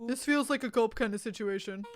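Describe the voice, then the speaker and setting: A woman putting on the voice of a young kid on a spooky adventure, bouncy and excitable. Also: fairly high pitch, brisk, close to an everyday voice. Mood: excited.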